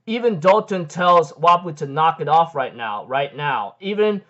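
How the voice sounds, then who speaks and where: A man's voice: a little high, lively intonation, normal speed, pushed and bright, lo-fi sound. A man giving a casual, rambling recap of a manga chapter, full of "like, um" fillers and casual swearing. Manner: rambling, heavy on "like, um" fillers and "freaking".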